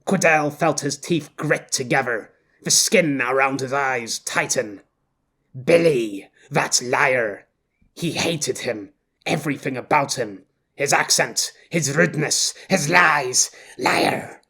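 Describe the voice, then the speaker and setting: A man reading an audiobook as narrator in a measured, intense style. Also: medium pitch, vocal fry, pushed and bright, husky.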